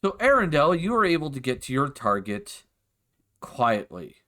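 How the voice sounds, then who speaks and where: A man's voice: a little high, sing-song, normal speed, sharp tone. A man narrating casually as game master of a tabletop game, with many fillers.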